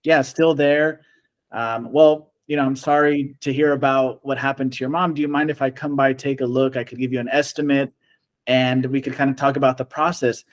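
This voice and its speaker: A man telling a long story in casual chat, animated and acting out the quoted lines of the people in it. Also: medium pitch, brisk. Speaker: storyteller guest.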